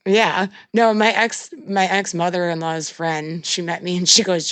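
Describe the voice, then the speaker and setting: A woman's voice: lowish voice, steady tone, unhurried, hardly any pauses, a bit bright, no echo. A middle-aged woman co-hosting a podcast in casual chat, blunt and swearing freely, laughing often. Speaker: podcast co-host.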